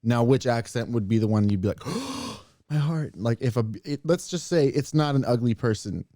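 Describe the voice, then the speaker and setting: Playful male podcast co-host, mellow and low, dry sound. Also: fairly quick, no echo. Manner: joking, playful. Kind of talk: casual chat.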